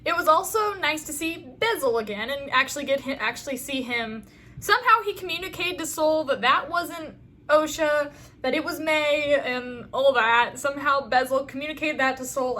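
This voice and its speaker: Bright, chatty young-sounding woman. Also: high-pitched, a little hiss or hum. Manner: enthusiastic, rambling, heavy use of fillers. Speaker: fan video reviewer. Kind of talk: casual chat review.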